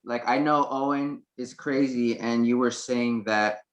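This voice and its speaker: A man's voice: medium pitch, fairly even intonation, a little slow, lo-fi sound. Easygoing male student giving feedback. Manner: loose, filler-heavy, easygoing. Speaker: wrestling student. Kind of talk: casual peer feedback.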